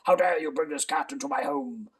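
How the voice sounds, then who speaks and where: Man voicing an indignant male house cat, haughty, dramatic, drawn-out. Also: fairly high pitch, slightly rough.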